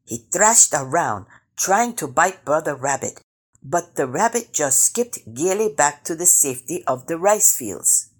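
A woman reading a children's picture book aloud, slow and expressive. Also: low voice, husky. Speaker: storyteller.

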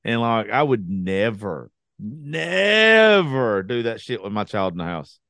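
A man's voice: on the low side, sing-song, takes it slowly, gravelly, fairly bright tone. A man hosting a casual talk, blunt and swearing but supportive. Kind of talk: casual chat.

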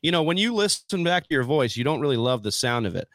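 An upbeat, chatty man hosting a casual sports podcast. His voice sits at an ordinary middle pitch. The recording is dry and close, with no room sound. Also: very animated, fast talker, fairly bright tone, no room sound. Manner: upbeat, chatty, hype-building. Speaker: podcast co-host. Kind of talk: casual fantasy football podcast talk.

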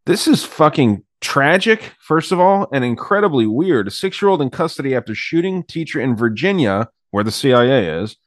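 A man in casual podcast chat whose voice sits at an ordinary middle pitch. He hedges and fills pauses with "uh" and throws in swear words. The recording is dry, with no room sound. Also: very animated, dry recording. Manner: hedging, filler-heavy, swears. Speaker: podcast co-host.

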